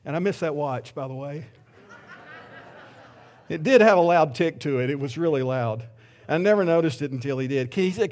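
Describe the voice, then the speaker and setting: A middle-aged man preaching a sermon as pastor, earnest and heartfelt, often restarting his sentences. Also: mid-range voice.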